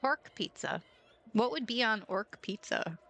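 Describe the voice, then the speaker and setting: A woman's voice: a little high, expressive, a little slow, vocal fry, a bit bright, poor audio. A young woman streaming a game, chatting playfully with her viewers and giggling at her own jokes. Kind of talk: casual chat while gaming.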